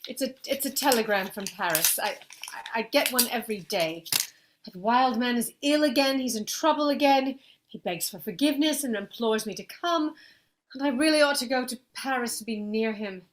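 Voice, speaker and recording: A woman's voice: a little high, moderate pace, noisy background, lightly acted. A woman playing an anxious aristocratic estate owner, emotional and pleading. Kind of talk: stage play acting.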